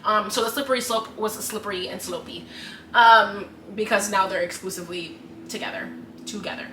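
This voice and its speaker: A woman's voice: medium pitch, steady tone, brisk, sharp tone. A young woman co-hosting a casual book podcast, retelling scenes with lots of laughter and putting on the characters' voices. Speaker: podcast co-host. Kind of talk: casual book-club chat. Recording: echoey room, mic at a distance, faint noise.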